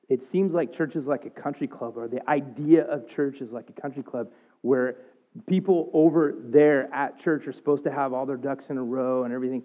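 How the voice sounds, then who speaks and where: A man in his thirties preaching a sermon, earnest and confessional, rising to emphatic outbursts. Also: mid-range voice. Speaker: pastor. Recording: thin phone-like sound.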